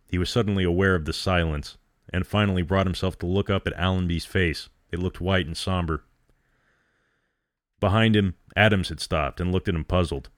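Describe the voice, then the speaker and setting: A man reading a short story aloud in a steady, dramatic narration. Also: deep voice, moderate pace, no room sound, studio quality.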